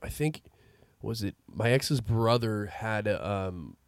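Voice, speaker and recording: A young man hosting a podcast, talking in a casual, excitable way with lots of swearing and laughter. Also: fairly low pitch, smooth, dry recording. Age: young adult. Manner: fast, excitable, swears a lot, laughs often. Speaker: podcast host. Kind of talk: casual chat.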